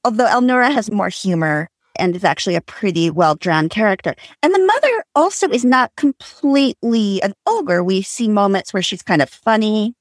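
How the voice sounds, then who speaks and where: A woman's voice: mid-range voice, lively intonation, normal speed, hardly any pauses, dry recording. A woman co-hosting a book discussion who talks in a thoughtful way with many hedging asides.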